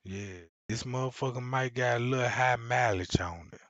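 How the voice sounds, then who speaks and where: A man voicing an older woman who brags about herself as if she were a car, speaking in a low, quiet murmur. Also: moderate pace, no room sound, highs cut off, lightly acted. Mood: boastful.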